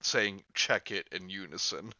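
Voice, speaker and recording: A man in casual chat with friends, reading aloud in a laid-back, deadpan way. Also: low-pitched, unhurried, no echo, lo-fi sound. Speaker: co-host reading a story aloud. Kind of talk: casual joking chat over a voice call.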